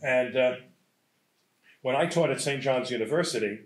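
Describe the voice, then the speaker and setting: Priest lecturing in a roomy hall, mid-pitched voice, chatty, keeps asking "right?". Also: male voice, moderate pace, a little hiss or hum. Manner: conversational, checks in with "right?" and "huh?". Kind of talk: lecture with anecdotes.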